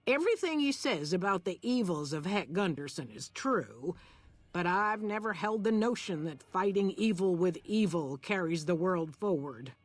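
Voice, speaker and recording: An actress playing a calm, weary rancher's wife in a game, measured and resigned. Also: female voice, medium pitch, no echo. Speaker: game character.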